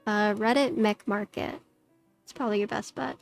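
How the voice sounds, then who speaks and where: A woman's voice: mid-range voice, steady tone, normal speed, gravelly, soft background music. A woman livestreaming, chatting casually with her viewers and using lots of "like" fillers. Her voice has a slightly robotic noise-suppression filter. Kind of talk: casual chat with stream viewers.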